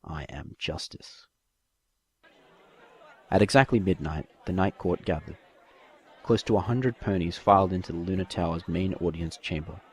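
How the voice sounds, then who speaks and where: A man's voice: low voice, brisk, breathy edge, a faint crowd. A man reading a fan fiction story aloud as narrator. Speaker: story reader.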